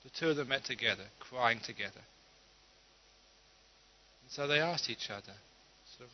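A man giving a Buddhist dharma talk and telling a teaching story in a calm, measured way. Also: mid-range voice, dull audio.

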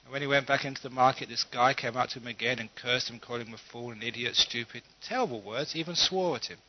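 A man giving a humorous Buddhist talk, telling stories in a relaxed, unhurried way with pauses and chuckles. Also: mid-range voice. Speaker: Buddhist teacher. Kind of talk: humorous dharma talk with storytelling. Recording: dull lo-fi talk recording.

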